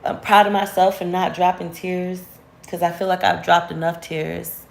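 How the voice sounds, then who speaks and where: A woman talks straight to camera, candid and slangy, getting sharp and animated when she vents. Her voice sits a little low. The room is bare, and her voice echoes off it. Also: normal speed, gravelly. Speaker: vlogger. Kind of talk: casual storytime chat to camera.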